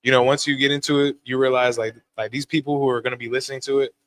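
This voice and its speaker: A young man, a guest musician, telling stories on a podcast in a quick, animated way and often checking in with "right?". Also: mid-range voice, no echo, poor audio. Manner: fast, animated storytelling with frequent "right?" tags. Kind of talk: casual podcast chat. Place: live-streamed podcast studio.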